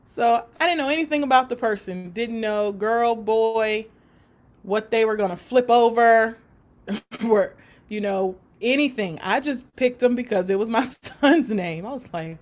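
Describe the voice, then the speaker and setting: A woman recounts a story from her work in a lively, animated way, laughing often and slipping into the voices of the people she describes. Her delivery is conversational and unscripted. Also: on the high side, a little slow. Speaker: guest; support worker for people with autism.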